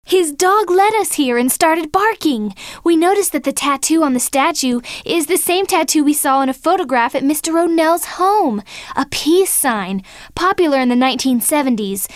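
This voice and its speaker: A male narrator voicing a nervous, excited teenage girl detective in an audiobook, with a high, breathy voice. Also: normal speed, no room sound, clean studio sound. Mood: urgent. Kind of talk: audiobook character voice.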